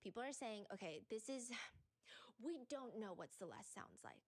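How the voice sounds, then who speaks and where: A woman's voice: fairly high pitch, very animated, normal speed, a little mellow. A woman giving casual commentary in a chatty, conversational way, reading out lyrics and comments as she goes.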